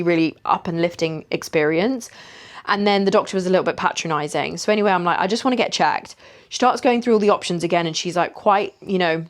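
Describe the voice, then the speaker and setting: A young woman speaks in a slightly low voice. She talks casually and candidly, chatty, sprinkling in "like" and "you know" as she recounts her own experience. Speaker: vlogger. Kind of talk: casual storytelling.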